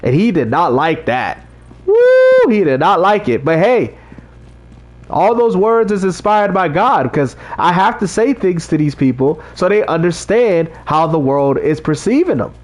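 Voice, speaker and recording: A man with a fairly high voice chats with his livestream viewers about faith. He talks like a street preacher, direct and repetitive, checking that chat is following him. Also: animated, normal speed. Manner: talks straight to chat, repeats himself, preachy street-evangelist talk. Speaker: livestream host reading chat.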